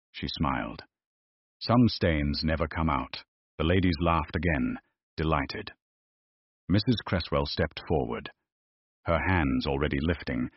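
A man narrating a scripted period story in a measured, deliberate way. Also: rumbling low, husky, dry recording. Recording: dull, dry close recording.

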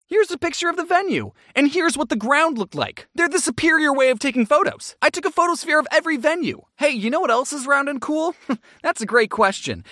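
A man narrating a comedic scripted story with jokey, deadpan asides. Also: very high-pitched, no room sound, clean studio sound. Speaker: animation storytime creator.

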